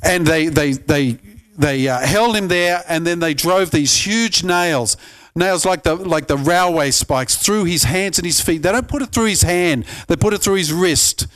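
A pastor earnestly preaching a sermon, often climbing to emphatic peaks and stumbling over repeated words. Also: male voice, on the high side, a little slow, fairly bright tone.

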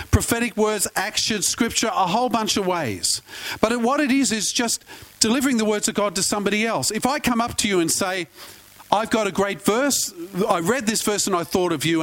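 An Australian man preaching a sermon. His voice sits high for a man. He talks to the congregation in a casual, chatty way, with folksy asides and frequent questions to them. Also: a little fast, fairly bright tone, poor audio. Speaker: pastor.

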